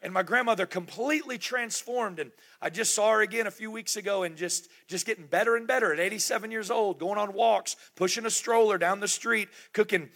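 A man in his thirties delivers a sermon to a room full of people. His voice sits high and sounds bright and ringing. He swings between fervent, shouted calls to the congregation and quiet, halting storytelling. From grew up in the United States, born in Germany. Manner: preaching with call-and-response, rising to shouts. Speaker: pastor. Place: large church room.

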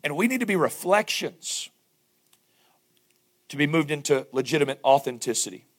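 A man with a Southern accent preaching a sermon, his voice hoarse and strained, asking the congregation questions as he goes. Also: fairly high pitch, animated, normal speed. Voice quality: gravelly. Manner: conversational preaching with rhetorical questions. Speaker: pastor.

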